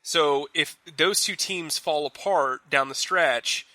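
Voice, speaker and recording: A young man co-hosting a casual sports analysis chat, talking in quick animated bursts with frequent restarts. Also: on the high side, no echo. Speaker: sports reporter co-host.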